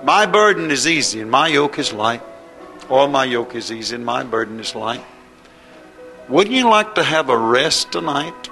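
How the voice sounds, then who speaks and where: A man's voice: medium pitch, very animated, moderate pace, sharp tone, faint music behind. A man preaching a sermon with an impassioned, rising and falling cadence.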